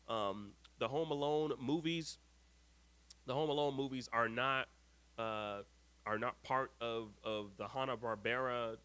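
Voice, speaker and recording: A man hosting a live stream, reading viewer comments aloud with lively ups and downs and grumbling when his screen freezes. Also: mid-range voice. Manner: exasperated, grumbling at tech trouble. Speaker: host.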